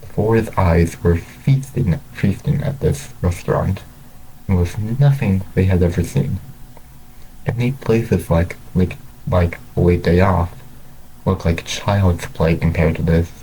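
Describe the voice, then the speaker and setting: Deep-voiced man reading a story. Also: slow pace, dark tone, a little hiss or hum, poor audio. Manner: stumbles and repeats words while reading. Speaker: story reader. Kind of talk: reading a fan story aloud.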